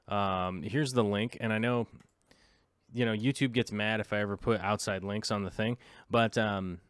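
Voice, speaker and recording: His voice is lowish, smooth, and fairly bright, captured in clean studio sound with no room sound. An aquarium hobby vlogger, he rambles casually while browsing links, scatterbrained, interrupting himself as he looks things up.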